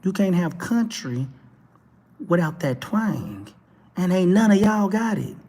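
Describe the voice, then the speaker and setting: A Texan man hosting a talk show, delivering an animated, preachy monologue with mocking asides. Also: sits high, a little slow, long reverb tail. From Texas. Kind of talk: opinionated monologue.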